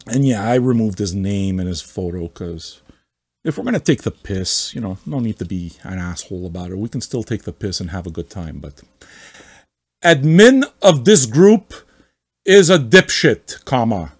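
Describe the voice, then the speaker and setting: A male podcast host talks in a sarcastic, rambling way. He swears freely and mocks himself. His pitch moves a great deal as he talks. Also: animated, fairly quick, a little mellow, husky. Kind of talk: casual comedic rant.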